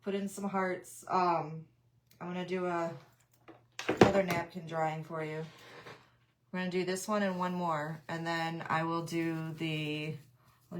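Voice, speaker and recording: A woman's voice: lowish voice, a little hiss or hum. A woman hosting a casual craft livestream, chatting with viewers, laughing often and reading out their comments.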